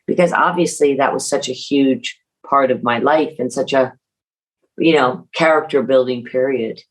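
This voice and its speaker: A middle-aged woman talking casually as an author and guest on a podcast, animated and acting out family quotes. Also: very deep voice, normal speed, rough recording.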